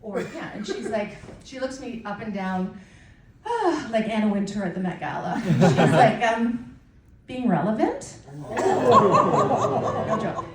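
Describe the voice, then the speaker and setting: A middle-aged woman performing a stand-up routine, telling stories in an animated, self-mocking way on a comedy club stage. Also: medium pitch, slow pace, noisy background. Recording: distant mic in an echoey room with a loud crowd. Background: audience laughter and cheers.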